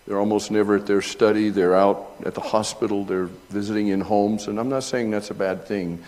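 A middle-aged male pastor delivering a sermon in a fairly low-pitched voice. He talks conversationally to his congregation and reads from an old essay, then swells into loud, high-pitched emphasis when acting out scenes. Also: steady tone, fairly quick, long reverb tail. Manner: reads aloud from an old essay between remarks.

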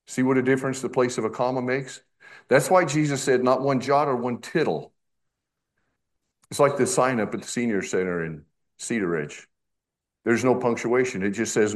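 A middle-aged male pastor preaching an expository sermon, slow and emphatic, with conversational asides. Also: on the low side.

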